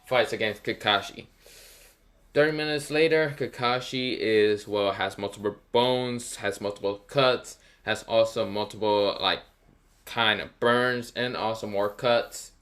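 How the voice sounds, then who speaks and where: A man's voice: fairly low pitch, measured pace, a bit bright. Guy rambling through a made-up fan story, lots of uhs and ums, correcting himself as he goes. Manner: rambling, many fillers and self-corrections. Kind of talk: improvised fan story narration.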